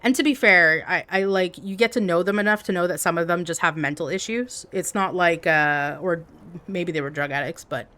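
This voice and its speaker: A woman livestreamer telling stories in casual chat, animated and peppered with "like". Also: on the low side, moderate pace. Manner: animated, heavy use of "like".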